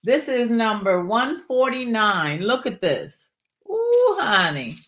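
A woman's voice: on the high side, expressive, slow pace, a bit bright. A middle-aged woman hosting a live jewelry sale, chatting casually and calling her viewers honey and y'all. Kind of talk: casual live-stream sales chat.

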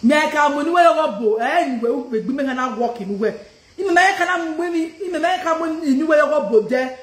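A woman's voice: high voice, lively intonation, a little fast, roomy sound. A woman with a Nigerian accent ranting confrontationally on a live stream, repeating her questions and switching languages mid-sentence. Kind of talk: heated live-stream rant.

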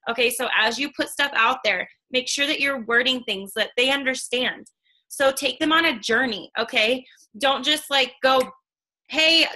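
A woman's voice: on the high side, bright, forceful tone. A woman giving a casual, upbeat business training talk on a call, chatty and full of "like" and "okay.".

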